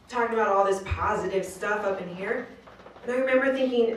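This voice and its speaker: A woman's voice: medium pitch, fast talker, a bit bright. A woman giving an earnest inspirational speech at a live venue, telling her story in casual slang. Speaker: motivational speaker. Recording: roomy distant live recording.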